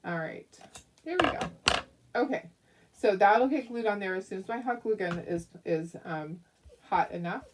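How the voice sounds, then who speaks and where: A woman's voice: medium pitch, expressive, moderate pace, recorded from a distance, very noisy. A woman hosting a casual craft tutorial at home, chatty and giggly as she talks viewers through each step.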